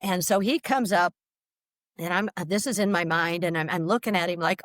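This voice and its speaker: A woman guest vividly retelling a personal experience, animated, with restarts and laughs. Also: lowish voice, normal speed, no echo, clean studio sound. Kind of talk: personal storytelling.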